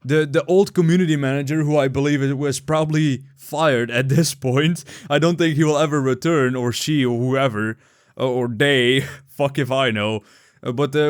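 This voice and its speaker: A man's voice: medium pitch, clean tone, no room sound, clean studio sound. A young man giving unscripted, rambling commentary, casual and profane, with many fillers and restarts. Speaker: YouTube commentator.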